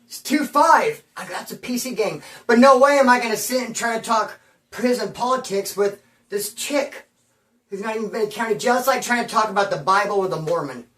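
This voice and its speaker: A man's voice: high-pitched, fairly quick, fairly bright tone, roomy sound, far from the mic. Casting: rambling slang-talking man, story monologue, mic set back from him. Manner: rambling slang-heavy street talk, acts out quoted voices. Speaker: storyteller recounting prison-life stories.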